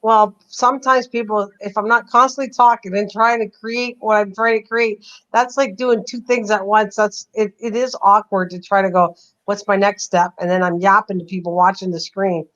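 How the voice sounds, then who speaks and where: A woman's voice: mid-range voice, fairly even intonation, moderate pace, hardly any pauses, a bit bright. A woman hosting a livestream chat, rambling and laughing easily about herself. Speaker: livestream host. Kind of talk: casual chat. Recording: dull lo-fi stream audio.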